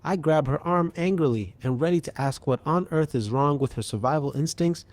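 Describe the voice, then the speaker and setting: A man narrating a scripted story with a steady, even storytelling delivery. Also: a little high, fairly quick.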